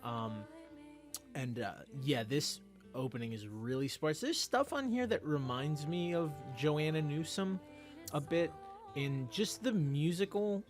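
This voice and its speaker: A man co-hosting a casual album review, opinionated and animated. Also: on the high side, measured pace, faint music behind. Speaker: music review co-host. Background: album playing faintly.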